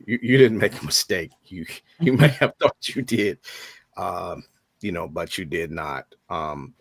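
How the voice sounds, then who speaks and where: Deep-voiced man giving an earnest tribute. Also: a bit bright, no echo. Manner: earnest, halting with many fillers. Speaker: tribute speaker. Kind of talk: heartfelt spoken tribute.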